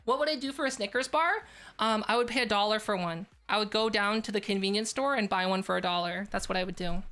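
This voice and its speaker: A woman's voice: mid-range voice, fast talker, a bit bright, faint music behind. A woman streaming live, chatting casually and rambling with lots of fillers. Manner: rambling, filler-heavy, restarts often.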